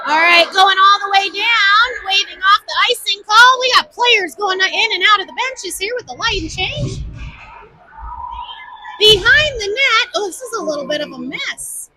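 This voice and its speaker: A woman giving fond, excited homemade play-by-play commentary at an indoor ice rink, shouting at big plays. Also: extremely high pitch, moderate pace. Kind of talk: homemade live sports commentary. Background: faint arena noise.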